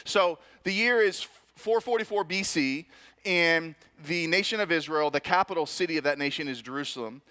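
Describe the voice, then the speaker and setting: A man's voice: fairly high pitch, moderate pace, sharp tone. A male pastor telling a self-mocking personal story in a casual, conversational sermon.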